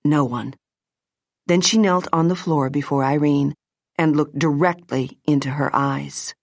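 A woman with a low-pitched voice narrates an audiobook in a measured, even storytelling manner. The recording is dry and studio quality.

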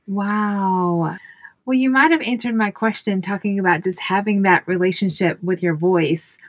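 A woman's voice: medium pitch, moderate pace, no echo. A woman, hosting a podcast interview in an enthusiastic, chatty way. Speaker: podcast host.

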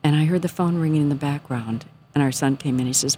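A woman telling a personal faith story on a radio show, earnest and sometimes hushed. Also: low-pitched, fast talker, few pauses, slight background noise. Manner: earnest, drops to a soft hush at moments. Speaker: guest telling her story.

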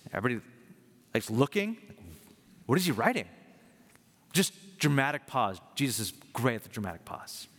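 A man's voice: mid-range voice, a bit bright. A man preaching a sermon in an earnest way, building to emphatic points. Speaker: pastor. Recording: long reverb of a large hall.

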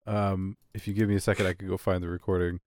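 A man's voice: low voice, flat delivery, quick pace, darkish tone, no echo, clean studio sound. A man co-hosting a podcast, chatting casually and hesitantly with frequent "um"s. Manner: hesitant, laughing, lots of "um". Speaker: podcast co-host. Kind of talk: casual chat.

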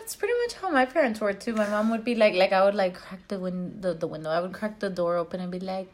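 A young woman and mother chatting casually on a vlog, telling childhood stories and acting out the voices. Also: fast. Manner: animated storyteller, acts out voices with big pitch jumps. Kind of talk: casual chat.

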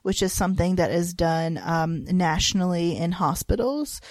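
A woman talks loosely and chattily as a podcast co-host, her voice sitting a little low for a woman. She wanders through her thoughts with plenty of "um"s, "like"s and bursts of laughter. The sound is dry and close, with no room around it. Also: normal speed, darkish tone, no echo. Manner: rambling, lots of fillers and laughs. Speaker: hospital chaplain resident. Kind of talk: casual chat.

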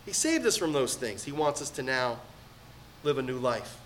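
A middle-aged man preaching a sermon as pastor, swinging between loud emphatic peaks and quiet asides. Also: mid-range voice, very animated, normal speed, a little hiss or hum.

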